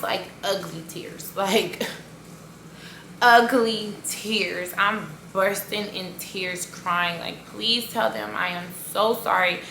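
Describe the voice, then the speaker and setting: An animated woman talking casually in a storytime vlog. Her voice sits low but sounds bright and a little gravelly. She fills her retelling with "like" and playful sound effects, and the recording has an echoey room sound. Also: slight background noise. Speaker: cake business owner.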